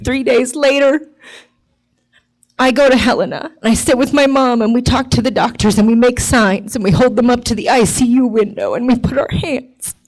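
A woman in her forties telling a personal story to an audience, animated, emphatic and comic. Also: a little high, moderate pace, rough recording.

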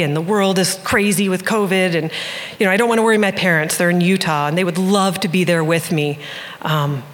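A woman's voice: lowish voice, fairly bright tone, a little hiss or hum. A woman in her forties from Iowa, telling a candid, emotional personal story in a conversational way. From Iowa, USA. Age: 40s.

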